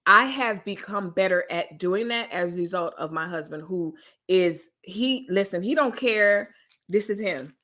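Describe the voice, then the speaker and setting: A middle-aged woman chatting casually on a live stream, animated and joking as she reads viewer comments. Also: fairly low pitch, measured pace.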